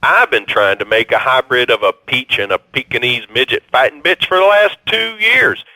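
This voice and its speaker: A man's voice: medium pitch, lively intonation, moderate pace, pushed and bright, low-quality recording. An actor playing an odd male caller obsessed with his garden experiments, earnest and worked up. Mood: obsessive.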